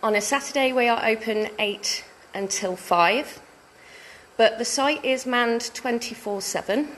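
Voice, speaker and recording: A woman's voice: fairly high pitch, measured pace, fairly bright tone. British woman, halls manager, chatty tour guide, phone livestream, noisy street traffic. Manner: friendly, chatty, with many "so" and "um" fillers. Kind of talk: live walking tour. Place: city street outside a building, then its reception. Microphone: phone held while streaming.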